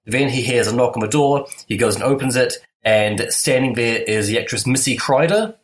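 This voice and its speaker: A man co-hosting a film podcast, retelling a movie scene in a casual, deadpan and wry way. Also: mid-range voice, moderate pace, low-quality recording.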